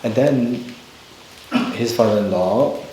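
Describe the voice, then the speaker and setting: A man, a Buddhist teacher, giving a dharma talk in a large temple hall, telling a personal story with halting restarts and bursts of emphasis. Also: medium pitch, warm tone, a little hiss or hum. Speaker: Buddhist teacher leading a retreat. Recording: very echoey hall.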